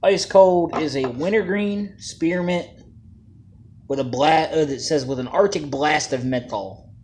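A man's voice: fairly high pitch, measured pace, a little mellow, slight background noise. Laid-back man reviewing vape juice. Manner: laid-back, jokey, plain-spoken. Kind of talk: casual product review.

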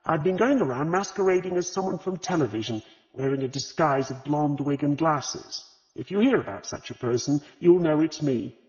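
A man's voice: on the high side, animated, normal speed, a little mellow, natural voice. A pushy middle-aged woman sleuth who talks bluntly and demands answers, her raised voice swooping widely, as a male audiobook narrator plays her. The sound is dull and lo-fi, with a long reverb tail.

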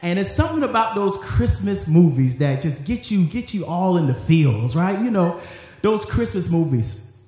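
A male pastor preaching in an animated call-and-response style, breaking into loose, joking asides. His voice sits a bit high with a mellow, warm tone. It carries through a very echoey church hall. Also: moderate pace. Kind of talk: sermon. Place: church sanctuary.

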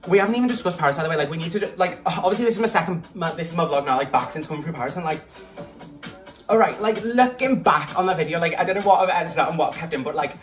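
A man's voice: on the high side, very fast. A man, tipsy, chatting in a rambling, gossipy vlog and swearing a lot. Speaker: vlogger. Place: his bedroom at home. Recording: distant mic with loud background music. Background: music playing.

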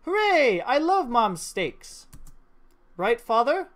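A woman's voice: on the high side, sing-song, measured pace, fairly bright tone. A woman voicing a sweet, obedient eleven-year-old girl in a horror game, reading the lines politely and eagerly. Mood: cheerful.

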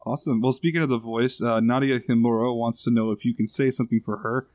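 A man's voice: medium pitch, fairly even intonation, quick pace, a little mellow, no echo. Male podcast host, mid voice, eager, reading listener questions, dry close sound. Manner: enthusiastic, reads listener questions. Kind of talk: casual podcast interview.

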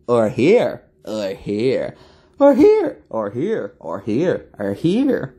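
A man's voice: mid-range voice, wildly swooping pitch, drawn-out words, warm tone, exaggerated voice. A man voicing a smug trickster villain who bends light, taunting his foes with gleeful laughter.

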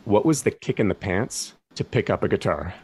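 Radio host, middle-aged man, deep voice, steady friendly questions. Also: moderate pace, husky. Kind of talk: radio interview hosting.

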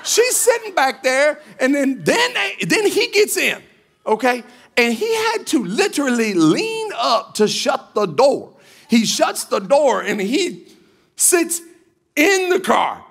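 A male pastor giving a sermon, telling a story with lively acted-out scenes. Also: extremely high pitch, slow, gravelly. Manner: animated storytelling, acts out scenes.

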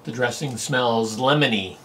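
A Californian man records a food vlog from his home in Japan, chatting casually through a meal and savoring each bite with plenty of "mm" and "oh" sounds. His mid-range voice is slightly bright and moves at a measured pace, with a little background noise in the recording.

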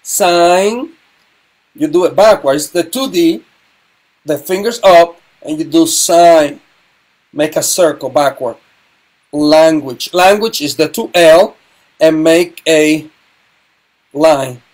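Middle-aged male sign language teacher, slow and halting, slightly high voice. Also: a little mellow. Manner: halting, repeats words, frequent ums. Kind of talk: online sign language lesson.

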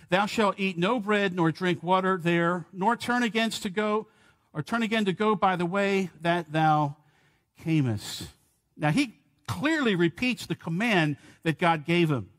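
A middle-aged male pastor delivers an expository sermon from the pulpit. His voice sits fairly high for a man, and he preaches with earnest emphasis, asking the congregation questions and driving each point home. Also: normal speed, a bit bright.

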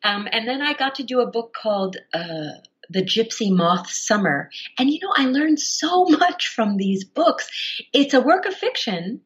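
A woman audiobook narrator chatting as a podcast guest. She tells stories with animated energy and laughs easily as she talks. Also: fairly high pitch, measured pace. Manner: animated storytelling with frequent laughs. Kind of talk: casual podcast interview.

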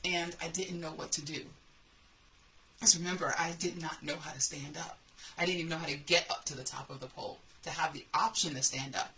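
A woman coaching aspiring authors, telling a personal story in an animated way and acting out her fear and her coach's calm replies. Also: low-pitched, brisk, low-quality recording. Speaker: book coach. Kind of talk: motivational storytelling lesson.

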